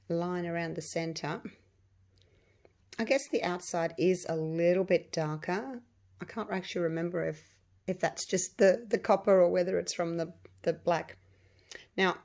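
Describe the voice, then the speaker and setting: Chatty woman with a croaky voice. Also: on the low side, warm tone. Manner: chatty, thinking aloud, talks to viewers. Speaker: resin craft vlogger. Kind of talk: casual chat while crafting.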